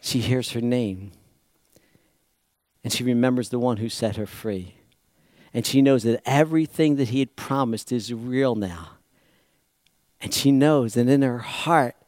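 A man preaching a sermon dramatically, swinging from loud exclamations to hushed, reflective passages. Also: mid-range voice, dry recording, studio quality.

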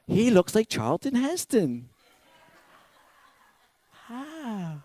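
A man with a high voice preaches a sermon with a lot of energy. He acts out the people he quotes and laughs often. The sound is dry and close. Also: wildly swooping pitch, very slow, warm tone, dry recording. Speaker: pastor.

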